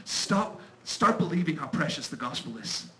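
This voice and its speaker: A man's voice: on the high side, very animated, normal speed, slight background noise, poor audio. A man with an Irish accent preaching a fervent missionary sermon in a church. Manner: fervent, building to loud declarations.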